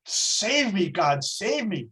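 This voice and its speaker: Man playing a guy clinging to a branch, slow drawn-out pleas, wary. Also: high-pitched, very animated, bright, forceful tone, heavily acted. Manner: drawn-out, pleading. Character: man dangling from cliff branch, begging God.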